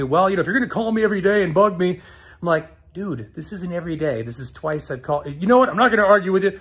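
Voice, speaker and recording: Middle-aged guy vlogging, telling a story about a grumpy phone call, does both voices, kinda high voice. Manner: animated retelling, acting out both sides of phone calls. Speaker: car-build vlogger. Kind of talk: casual storytelling to camera.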